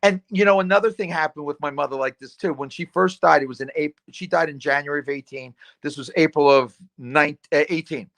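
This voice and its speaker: Guy, middle-aged, loud and animated, bit of a higher voice, telling a story and doing everybody's lines. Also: fairly quick, hardly any pauses. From New Jersey. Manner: loud, animated storyteller who acts out dialogue. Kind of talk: casual storytelling.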